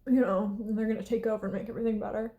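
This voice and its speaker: Young woman rambling, mellow voice. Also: medium pitch, little pitch movement, very fast, lo-fi sound. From Southern United States. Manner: rambling, blunt and profane, with laughs and sighs. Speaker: vlogger. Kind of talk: casual chat while eating.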